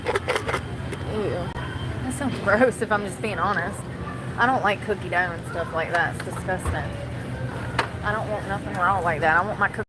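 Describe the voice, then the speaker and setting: A woman's voice: medium pitch, fairly quick, over loud music, rough recording. A woman live streaming on her phone while shopping in a large store, rambling to her chat and complaining about others.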